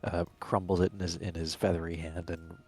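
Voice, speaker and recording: A man with a very deep voice playing a tabletop game over voice chat. He is playful and quick with a joke, and he spells out each of his character's actions. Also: little pitch movement, darkish tone. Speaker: player.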